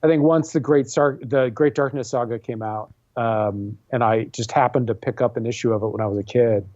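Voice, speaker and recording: A man's voice: mid-range voice, fairly even intonation, a little fast, darkish tone, dry recording. Self-deprecating rambling man, dull recording. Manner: rambling, self-deprecating, many fillers and restarts. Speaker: guest comic book artist and writer. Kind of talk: casual interview chat.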